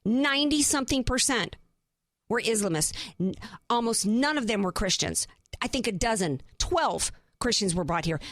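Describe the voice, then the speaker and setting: A woman's voice: fairly high pitch, no echo. Impassioned woman radio host. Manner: impassioned, emphatic, rhetorical questions. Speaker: radio talk show host. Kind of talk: opinionated talk radio monologue. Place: radio studio.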